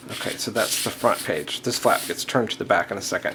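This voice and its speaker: A brisk, sharp-toned man with a lowish voice guides viewers through a crafting project step by step. He keeps it casual, thinks aloud, checks in with the viewer, and frequently says "okay" or starts over; background noise is audible.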